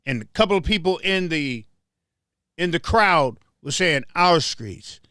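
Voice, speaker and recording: A man hosts his own show in a loose commentary monologue, circling back over his phrases for emphasis. His voice sits a little high and swings widely in pitch. He talks at an unhurried pace in a dry, close-sounding recording. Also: lively intonation, bright, forceful tone, no room sound. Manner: repetitive, restarts phrases, emphatic. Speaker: show host.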